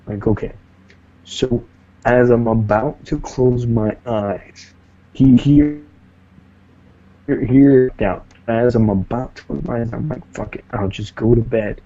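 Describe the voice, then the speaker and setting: A man co-hosting a podcast tells a story in a casual, profane, animated way, acting out the voices of the people in it. His voice is medium pitched and slow, and the audio sounds dull.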